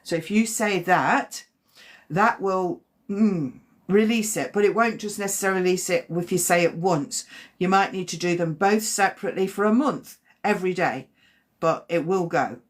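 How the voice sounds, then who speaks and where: Soft-spoken woman medium, lowish voice. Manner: halting, repeats herself, gentle and reassuring. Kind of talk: live-stream spirit reading.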